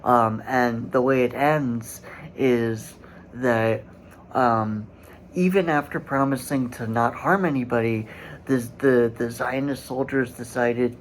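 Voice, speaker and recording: A man hosting a solo commentary podcast, speaking in a halting way with many fillers and restarts and growing indignant. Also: mid-range voice, steady tone, slight background noise, rough recording. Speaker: podcast host.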